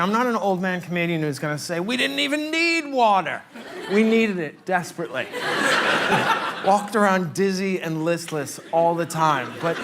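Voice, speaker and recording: A man in his fifties doing a stand-up comedy set on a club stage, telling wordy mock-pompous stories that build to emphatic punchlines. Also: fairly high pitch. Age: 50s. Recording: noisy live stage recording.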